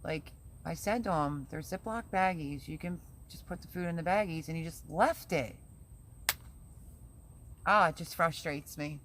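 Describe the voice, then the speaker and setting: A woman's voice: sits low, unhurried, a bit bright, slight background noise. A woman hosting a casual live stream who vents chattily and reads viewer comments aloud. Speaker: livestream host.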